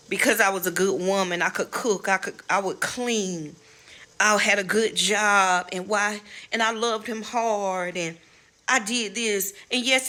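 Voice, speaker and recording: A woman's voice: medium pitch, pushed and bright. A middle-aged woman casually sharing life lessons with her viewers, candid and preachy, swearing freely and calling them y'all. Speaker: spiritual advisor and channel host. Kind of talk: casual inspirational talk to viewers.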